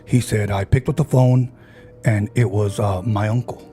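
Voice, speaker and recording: A man's voice: lowish voice, fairly even intonation, normal speed, dark tone, faint music behind. A man on a podcast, casually retelling a friend's ghost story and acting out the people in it.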